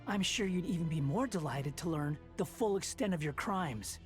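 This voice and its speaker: A man's voice: fairly high pitch, expressive, moderate pace, soft background music, close to an everyday voice. An actor playing a bitter young man in a video game, speaking in a sarcastic, biting way.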